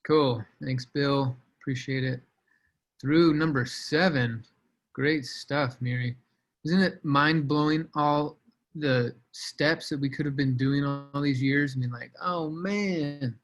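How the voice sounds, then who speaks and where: A man's voice: a little high, slow pace, low-quality recording. Upbeat guy coaching his sales team over a video call, casual, calls out names. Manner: energetic, casual, shouts out names.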